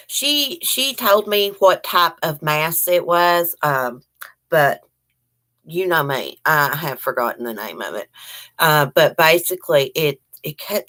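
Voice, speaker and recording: Middle-aged woman, deep-ish voice, chatty livestream host who rambles and shouts out viewers. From Virginia, US. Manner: chatty, greets viewers by name, warm and rambling. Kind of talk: casual live-chat morning talk.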